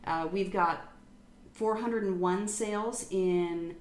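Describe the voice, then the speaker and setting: A woman's voice: mid-range voice, slow pace. A woman real estate broker giving a casual, upbeat market update, a self-described goofball who explains figures plainly. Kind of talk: market update video talk. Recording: roomy echo, faint background hum.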